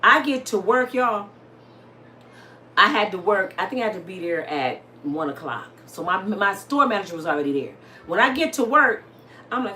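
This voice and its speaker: Animated woman telling a wild story. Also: mid-range voice, moderate pace, slight background noise. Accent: African American Vernacular English. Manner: dramatic, addresses listeners as y'all. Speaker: storyteller host.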